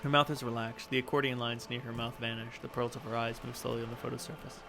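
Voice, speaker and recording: Gravelly man reading game narration. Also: mid-range voice, level tone, fast talker, noisy background. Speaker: let's play host. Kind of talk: narrating game text aloud.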